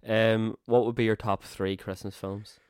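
A man's voice: fairly low pitch, flat delivery, unhurried, smooth, dry recording, clean studio sound. A young man hosting a casual podcast chat, swearing freely and laughing often. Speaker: podcast host.

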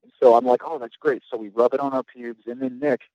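A man's voice: medium pitch, little pitch movement, fast, warm tone, no room sound, highs cut off. A man telling rambling, profane stories about his navy days in a casual podcast chat, often restarting his sentences. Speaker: guest, navy veteran.

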